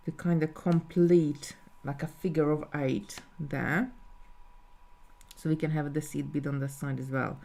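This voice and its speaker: A woman's voice: low-pitched, steady tone, slow, gravelly, pauses often, dark tone. A woman talking through a live beading tutorial step by step, thinking aloud as she works. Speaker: jewellery designer teaching beading.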